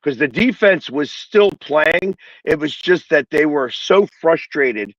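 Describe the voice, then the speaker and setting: A man's voice: fairly high pitch, animated, slow, fairly bright tone, no echo, highs cut off. A man with a Philadelphia accent hosting a casual sports talk show, rambling with many restarts and fillers.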